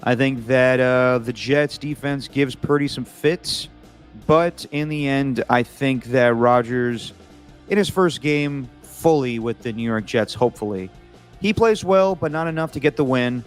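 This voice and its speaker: A man co-hosting a casual sports picks chat over a video call, reading out matchups and then giving his takes in a relaxed way. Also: mid-range voice, measured pace, clean tone, soft background music. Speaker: co-host reading out games and picks.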